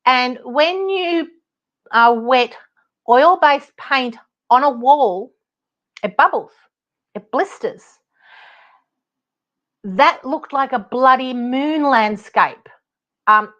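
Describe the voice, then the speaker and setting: A middle-aged Australian woman tells a story on her podcast, exasperated and animated, laughing often between lines. Her voice sits a little high and the audio sounds somewhat dull and lo-fi. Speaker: podcast host, property advocate. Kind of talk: casual storytelling monologue.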